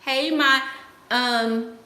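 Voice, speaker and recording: A woman's voice: on the high side, steady tone, extremely slow, sharp tone. Sassy laughing woman on a livestream. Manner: sassy, laughing, playful slang. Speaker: host answering live chat. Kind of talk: casual livestream chat. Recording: echoey room, faint noise.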